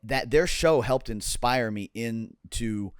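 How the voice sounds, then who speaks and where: A man's voice: mid-range voice, slow pace, clean tone, dry recording, studio quality. A man co-hosting a podcast, telling a story in casual chat with an earnest, rambling manner and many fillers. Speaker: podcast co-host.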